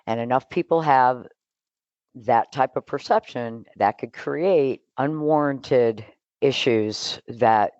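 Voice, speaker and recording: Measured man on a dry podcast mic. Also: mid-range voice, darkish tone, no room sound. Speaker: podcast host. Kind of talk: casual political discussion. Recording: dry, dull lo-fi sound.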